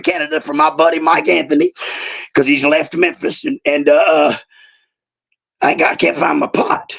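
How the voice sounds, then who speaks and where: A man's voice: on the high side, a bit bright. A man telling rowdy, profane wrestling stories in casual chat. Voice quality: gravelly. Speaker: wrestling guest.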